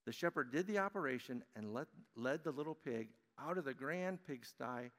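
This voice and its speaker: A man giving a children's message in church, reading a storybook aloud to children in a friendly, animated way. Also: medium pitch, moderate pace. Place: church sanctuary. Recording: long church-hall reverb.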